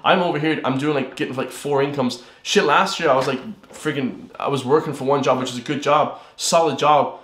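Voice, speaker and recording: A man's voice: mid-range voice, steady tone, fairly quick, few pauses, a bit bright. A young man giving a rambling, blunt motivational monologue to his viewers. He swears freely and keeps calling them "guys.". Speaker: fitness vlogger. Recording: roomy echo.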